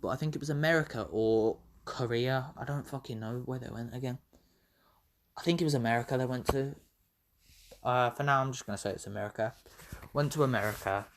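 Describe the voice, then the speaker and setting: A man's voice: medium pitch, fairly quick. A young man retelling a fan story in a rambling, self-correcting way, swearing freely as he goes. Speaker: vlogger.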